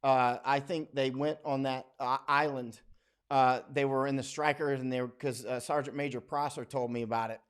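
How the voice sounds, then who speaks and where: A man hosts a casual livestream, reading viewer comments and drifting into stories. His talk is folksy and blunt, full of asides and restarts, at a middling pitch. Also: steady tone, moderate pace, clear, resonant tone. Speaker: war correspondent and livestream host.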